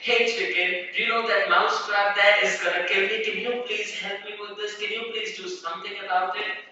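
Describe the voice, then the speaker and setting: A man's voice: sits high, flat delivery, normal speed, pushed and bright, voice pushed up. A man voicing a small frightened mouse that begs anxiously for help, as part of a story told in a talk. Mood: pleading. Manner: begging, anxious. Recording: echoey hall from far off, dull.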